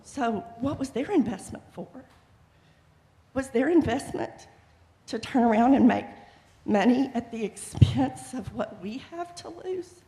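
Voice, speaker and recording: A woman's voice: on the high side, animated, a little slow, warm tone. A middle-aged woman making an impassioned, pleading public comment at a city council meeting. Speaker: resident speaking at public comment. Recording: reverberant council chamber.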